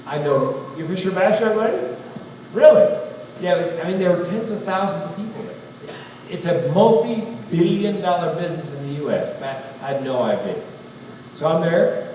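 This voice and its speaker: A man from North Carolina, doing a folksy stand-up storytelling routine in front of a live audience. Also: a little high. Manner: storytelling, animated, folksy asides. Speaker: stand-up comedian. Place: large hall with live audience. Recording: echoey hall, distant mic, crowd noise.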